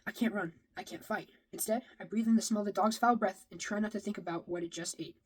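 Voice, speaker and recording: A woman reads a first-person novel aloud quickly, her mid-range voice slightly rough and fairly even in intonation, captured on poor audio. Occasional slips send her back to reread a phrase.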